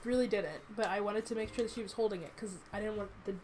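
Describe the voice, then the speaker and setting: A woman's voice: mid-range voice, fast, a little mellow, a little hiss or hum. A young woman who creates a webcomic, chatting and rambling casually on a livestream as she reads her comic. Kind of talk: casual livestream read-through.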